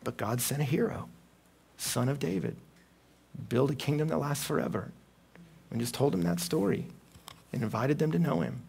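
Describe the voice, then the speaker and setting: A gravelly, somewhat husky man in his thirties preaches a sermon. He tells his stories in an animated way, and his pitch climbs sharply when he acts out other people's words. He sits at a middle pitch for a man. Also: normal speed, pauses often. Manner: animated storytelling, acting out quoted voices with big pitch jumps.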